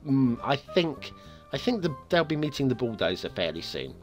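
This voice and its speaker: A man's voice: medium pitch, big pitch swings, normal speed, faint music behind. A man hosting a game map review show, talking in a chatty, upbeat way with playful asides.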